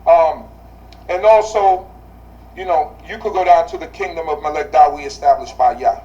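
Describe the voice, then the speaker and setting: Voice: medium pitch, moderate pace, warm tone, far from the mic, dull audio. Bible teacher asking rhetorical questions. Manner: asks the class rhetorical questions; repeats key phrases for emphasis.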